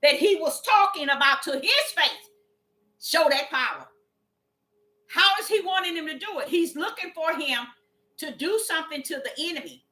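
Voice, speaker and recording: A woman's voice: high voice, expressive, moderate pace, bright, forceful tone. A woman preaching a sermon in an emphatic way, repeating her phrases and drawing out the scripture she reads. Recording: echoey room with faint music.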